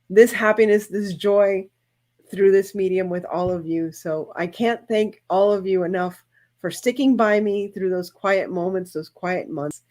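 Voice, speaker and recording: On a live-stream for her craft channel, a woman with a fairly low voice talks casually and at length. She drifts warmly from one plan to another in a chatty, rambling, emotional way, with some heartfelt moments.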